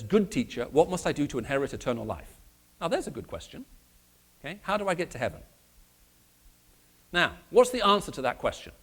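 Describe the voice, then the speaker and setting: Speaking in a church, this British-accented man, raised in the Middle East, delivers an animated apologetics talk in a conversational style. He questions the people listening, and his voice is a little high.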